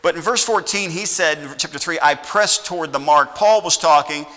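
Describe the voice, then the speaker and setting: A man's voice: fairly high pitch, normal speed, bright, forceful tone, long reverb tail. A middle-aged man preaching a sermon as pastor, folksy, often checking in with "all righty?". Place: church sanctuary.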